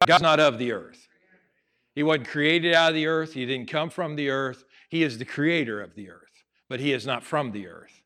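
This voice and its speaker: A man preaching a sermon, conversational at times and rising to loud, emphatic stretches. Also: on the high side, moderate pace. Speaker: pastor.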